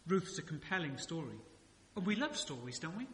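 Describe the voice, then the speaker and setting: A man's voice: a little high, big pitch swings, brisk, fairly bright tone. A male pastor preaching a sermon in a church, chatty and joking, with many rhetorical questions. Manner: conversational preaching with rhetorical questions and humorous asides. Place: church sanctuary. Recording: echoey church hall reverb.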